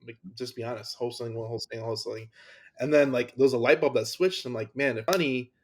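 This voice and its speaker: A man's voice: medium pitch, fast. A man hosting a podcast, talking enthusiastically and often restarting his sentences in casual conversation. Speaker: podcast host.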